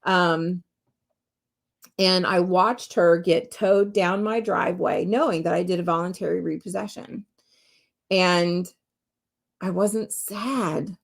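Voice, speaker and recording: Woman podcast host, low gravelly voice with fry, earnest heartfelt storytelling. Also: fairly even intonation, takes it slowly, pauses often. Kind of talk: personal storytelling podcast monologue. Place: her home office.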